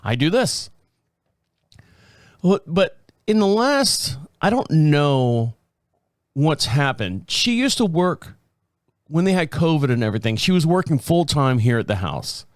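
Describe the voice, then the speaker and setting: A man's voice: a little high, big pitch swings, measured pace, dry recording, clean studio sound. A middle-aged man hosting a podcast, rambling casually and foul-mouthed, laughing often and acting out quotes. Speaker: podcast host.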